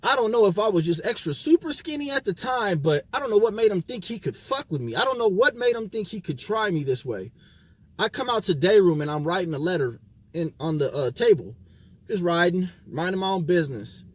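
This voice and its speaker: A man with a high, husky voice tells a personal story in loose street slang. He swears freely and acts out every exchange. The room is dry and close. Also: a little fast, no echo. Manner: animated, profane street slang, acts out quotes. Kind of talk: casual storytelling.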